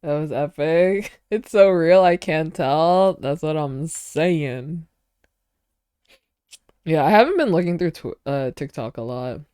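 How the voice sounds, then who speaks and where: A woman streamer chatting casually while reacting to clips, excitable and quick to laugh and gush. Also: low voice, clear, resonant tone, no room sound, studio quality.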